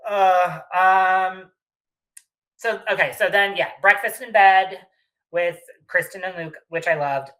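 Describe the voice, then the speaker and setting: A woman with a low voice and a bright, forceful edge, chatting through a reality-show recap. She talks bluntly, swears freely and drops into animated asides. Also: takes it slowly, poor audio. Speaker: podcast co-host. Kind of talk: casual recap chat.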